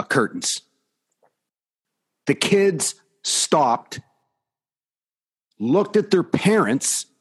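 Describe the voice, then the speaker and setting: Husky, emphatic man telling a story. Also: fairly high pitch. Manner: emphatic and indignant, repeats for effect. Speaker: youth hockey coach. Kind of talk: storytelling on a podcast.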